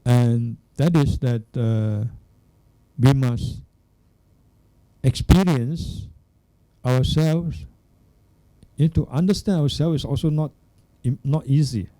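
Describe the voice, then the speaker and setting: An older man, a Buddhist monk, giving a dharma talk in an unhurried way, pausing to search for words and checking in with the listeners. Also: medium pitch, warm tone. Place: Buddhist centre hall.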